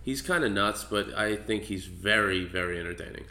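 A man's voice: fairly low pitch, moderate pace, bright, forceful tone. A young man co-hosting a casual sports podcast, joking and rambling with swearing. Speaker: podcast co-host. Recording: echoey room.

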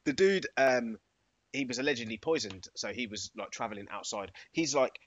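Rambling young man, lively voice. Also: medium pitch, normal speed, no room sound, muffled recording. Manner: rambling, laughs often, lots of fillers. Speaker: podcast co-host. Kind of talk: casual chat.

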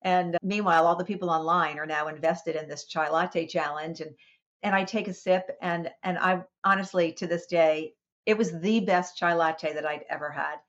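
A woman guest on a podcast, recounting her story with an expressive, lively delivery and frequent small restarts. Her voice sits low for a woman. The recording is dull and lo-fi. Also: moderate pace. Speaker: wellness coach and author, interview guest.

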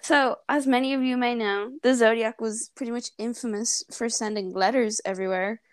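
A woman's voice: fairly high pitch, steady tone, moderate pace, background noise. A young Irish woman co-hosting a podcast over a call, chatty and laughing, sometimes tripping over words. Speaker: podcast co-host. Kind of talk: casual chat. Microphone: remote call.

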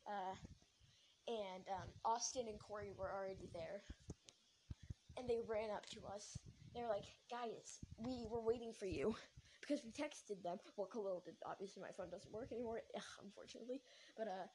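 A young woman tells a story in a loose, rambling way, correcting herself and filling pauses. Her voice sits at an ordinary mid pitch. A clear hiss and clicks sit under the recording. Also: mellow, rough recording. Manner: rambling, many fillers, self-correcting, laughs often. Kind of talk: casual spoken storytelling.

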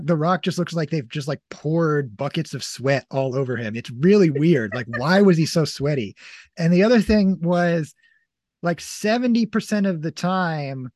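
Man hosting a movie podcast, rambling casual review, slightly high voice, dry close sound. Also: darkish tone, no room sound. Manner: rambling, many "like" fillers. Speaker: podcast host.

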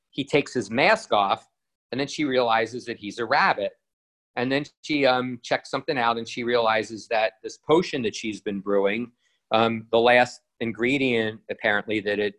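A man talking casually in a voice of ordinary pitch. He rambles, hesitates and restarts his sentences often. His talk is full of ums and loose asides. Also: a bit bright. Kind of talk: casual retelling monologue.

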